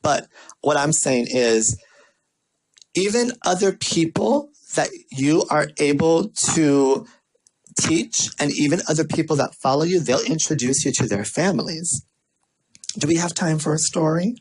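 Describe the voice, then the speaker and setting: A man giving a motivational marketing talk, animated and repetitive, telling stories with playful asides. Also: a little high, measured pace, breathy edge, low-quality recording. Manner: lively, repetitive, storytelling delivery with playful asides. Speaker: marketing speaker.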